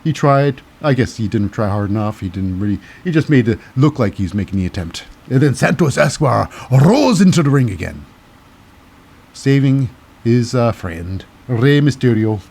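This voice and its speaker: A man's voice: medium pitch, lively intonation, normal speed, gravelly, darkish tone, slightly rough. A man hosting a casual wrestling recap podcast with a cynical, wry manner and many fillers. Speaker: podcast host.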